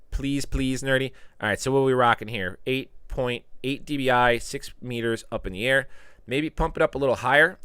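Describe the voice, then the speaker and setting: A man hosting a casual live stream, reading viewer comments aloud and giving tips, with sudden loud playful outbursts. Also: mid-range voice, smooth, dry recording, studio quality. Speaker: live stream host answering chat.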